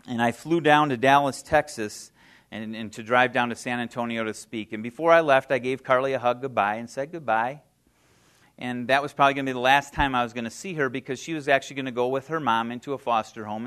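Fifties male guest speaker, mid-pitched, heartfelt plainspoken testimony. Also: fairly bright tone. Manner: earnest, heartfelt storytelling, emotional; plain conversational phrasing with fillers. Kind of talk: personal testimony speech.

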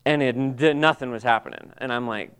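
A middle-aged man telling a halting, emotional personal testimony to a group, full of restarts and pauses. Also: medium pitch, fairly bright tone, clean tone. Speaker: Bible college staff member.

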